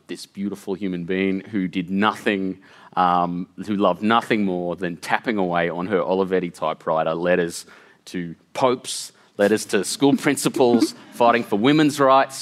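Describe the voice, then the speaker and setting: A man's voice: deep voice, steady tone, a little slow. A middle-aged man telling an emotional personal story, earnest and tumbling, with many fillers and restarts. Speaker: guest storyteller.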